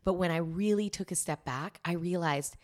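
Woman, podcast co-host, reflective and steady, slightly low voice. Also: moderate pace. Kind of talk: candid podcast chat.

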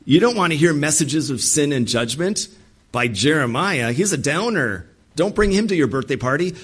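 A man's voice: mid-range voice, expressive, normal speed, fairly bright tone, slightly rough. A man preaching an emphatic sermon, acting out the voices he quotes. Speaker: pastor.

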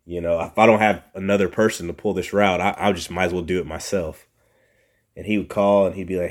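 Deep-voiced man telling a workplace story. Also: a little fast. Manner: animated, acts out quoted voices, frequent restarts. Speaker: podcast host. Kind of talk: casual storytelling.

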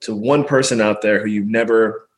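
A man hosting a casual podcast interview, easygoing and quick to laugh, with loose, rambling phrasing. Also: lowish voice, steady tone, rough recording. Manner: easygoing, laughs often, many "like" fillers. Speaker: podcast host.

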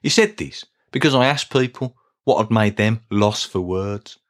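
Dry-humoured Birmingham podcast host. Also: male voice, lowish voice, normal speed. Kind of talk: scripted podcast monologue.

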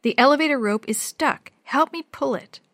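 A woman playing a calm, level-headed girl. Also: high-pitched, normal speed, dry recording, clean studio sound, pitched above the performer's own voice. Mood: steady. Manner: calm, decisive delivery.

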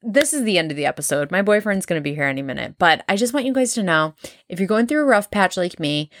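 A young woman with an East Coast American accent hosting a solo podcast, talking fast, candid and profane, rambling from one thought to the next. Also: on the low side, lively intonation. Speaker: podcast host.

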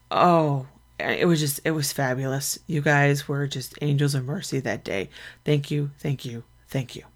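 A woman hosting her own podcast, telling stories in a chatty, animated way. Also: deep voice. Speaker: podcast host. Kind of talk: casual solo podcast chat.

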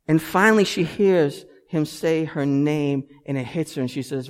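High-voiced pastor preaching in a reverberant hall. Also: male voice, moderate pace. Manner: animated, building to loud emphatic peaks. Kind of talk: sermon. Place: church sanctuary.

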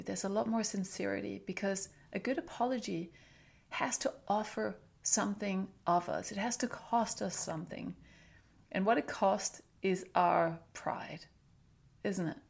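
A woman's voice: mid-range voice, vocal fry. A middle-aged woman hosting a parenting podcast, giving earnest, instructive advice and acting out example phrases. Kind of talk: advice monologue.

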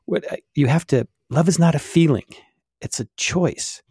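A man's voice: on the high side, normal speed, mellow, slightly rough, dry recording, clean studio sound. A middle-aged man co-hosting a casual faith podcast, explaining at length with many fillers. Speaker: podcast co-host.

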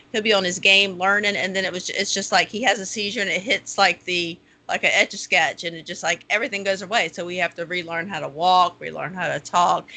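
A woman's voice: fairly low pitch, bright, forceful tone. A woman talking candidly and earnestly in a casual podcast chat.

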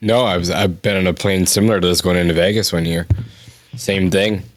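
A man hosting a podcast, chiming in with quick, sympathetic remarks in casual chat. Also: low-pitched, fairly even intonation.

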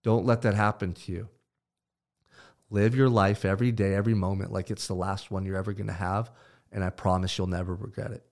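A podcast host delivers an intense, emphatic motivational pep talk full of blunt swearing, swinging between loud pushes and low, hushed stretches. His tone stays level and his delivery is brisk.

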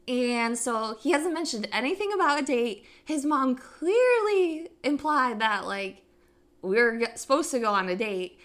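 A young woman with a high voice tells a casual story at a quick clip. She grew up in Africa, and she acts out every quote in a squealing, excited voice. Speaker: podcast co-host telling a story.

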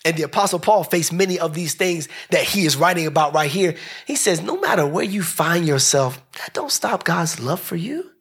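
Husky-voiced man preaching with big swings. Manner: lively preaching, swinging between drawn-out low phrases and high shouts; folksy, joking with the congregation. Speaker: pastor. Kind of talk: sermon.

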